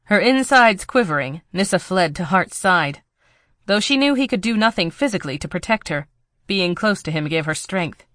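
A narrator reading a tense thriller audiobook in a steady storytelling voice, recorded on a close mic. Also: mid-range voice, normal speed, dry recording.

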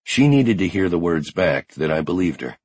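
Deep husky male audiobook narrator. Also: big pitch swings, moderate pace, dry recording. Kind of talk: first-person audiobook narration.

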